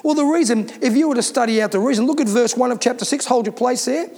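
A man's voice: very high-pitched, quick pace, vocal fry, a little mellow, in a large hall. A man preaching a sermon as pastor, emphatic and given to repeating his points. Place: church.

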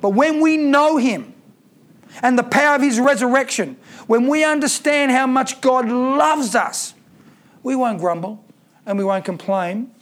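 A man preaching a sermon in a strikingly high voice. He drives his points home by repeating key lines with emphasis. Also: measured pace, a bit bright.

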